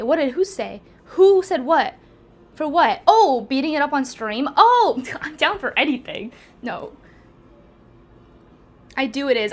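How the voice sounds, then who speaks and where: Young woman streamer, high bouncy voice, bubbly and scattered, chatting live from home. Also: a little hiss or hum. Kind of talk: casual live-stream chat. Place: at home by a walking pad.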